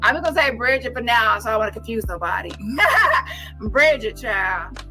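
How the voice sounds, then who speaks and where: A woman's voice: on the high side, normal speed, bright, forceful tone, faint music behind. A woman hosting a casual livestream chat, rambling and tagging her points with "okay?" and "child". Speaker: livestream host.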